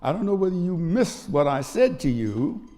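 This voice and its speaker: A man's voice: high-pitched, very animated, moderate pace, mellow. A man in his eighties giving an emotional speech at an award event, telling stories with repetitions. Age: 80s. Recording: long hall reverb.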